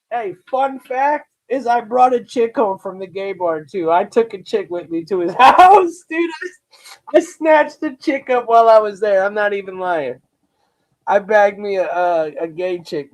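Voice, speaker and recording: A man's voice: high-pitched, animated, a little slow, poor audio. A young man hosting a livestream, rambling through a story in casual slang and chatting to viewers. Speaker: livestream host.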